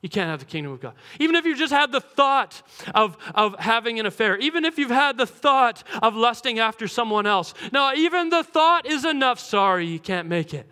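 A pastor preaching a lively sermon, slipping into comic voices for the people he describes. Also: very high-pitched, brisk, few pauses, smooth. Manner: animated, voices comic characters.

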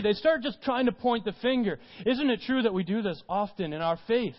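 A man's voice: sits high, a little fast, hardly any pauses. A man preaching a conversational sermon, retelling scripture informally in his own words. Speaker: pastor. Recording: dull recording with long hall reverb.

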